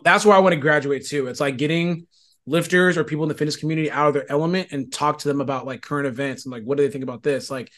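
A man's voice: on the high side, fairly even intonation, a bit bright. A man as a podcast guest, chatting loosely and swearing freely in casual conversation. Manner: loose, profane, rapid chatter.

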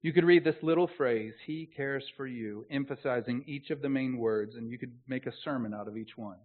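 A man preaching a sermon as a pastor, swinging from soft, close, earnest phrases to loud, slowed, emphatic proclamation. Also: mid-range voice. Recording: tinny phone-like sound.

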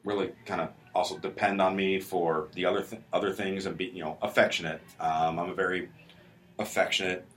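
A man's voice: deep voice, little pitch movement, fairly quick, a bit bright, recorded from a distance. A young man talking casually as a guest in an interview, rambling with fillers and restarts. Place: recording studio.

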